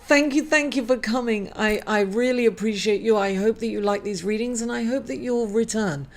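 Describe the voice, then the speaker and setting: A middle-aged woman reading weekly horoscopes, emotional after a loss and halting, with many fillers and apologies. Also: a little high, a little mellow. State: emotional, grieving. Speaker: astrology reader.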